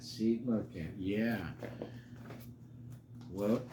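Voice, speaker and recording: An older man reading a children's picture book aloud, animated and stopping to chat with the kids. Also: medium pitch, takes it slowly, background noise. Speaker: storybook reader for children.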